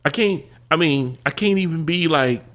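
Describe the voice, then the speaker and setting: A man hosting a podcast, telling stories in casual chat with animated delivery and casual swearing. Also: a little high, moderate pace. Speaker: podcast host.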